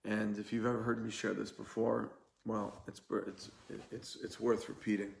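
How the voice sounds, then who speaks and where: Gravelly rabbi teaching in an echoey room. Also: male voice, fairly low pitch, little pitch movement, normal speed. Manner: storytelling, repeats key phrases. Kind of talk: recorded live-stream Torah class.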